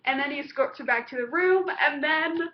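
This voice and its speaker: A woman's voice: high-pitched, normal speed, highs cut off. A woman reviewing a TV episode in casual chat, rambling with lots of fillers and restarts.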